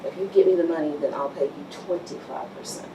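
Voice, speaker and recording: A woman's voice: low voice, quick pace. Blunt Texan woman telling her story. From Texas. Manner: blunt, animated storyteller acting out dialogue. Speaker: guest business owner. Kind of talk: conversational storytelling interview. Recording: roomy, distant mic with faint background hiss.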